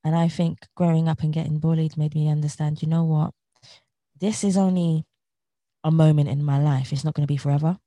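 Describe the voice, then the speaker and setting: A woman's voice: sits low, level tone, fairly quick, mellow, no room sound. A woman being interviewed, talking about her outlook in an earnest, motivational way and repeating her key phrases. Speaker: interview guest. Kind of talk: reflective interview talk.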